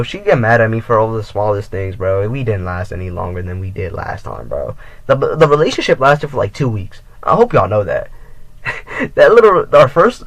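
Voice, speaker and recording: A man's voice: mid-range voice, no room sound, poor audio. A teenage boy telling a rambling storytime in casual, profane slang. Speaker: vlogger.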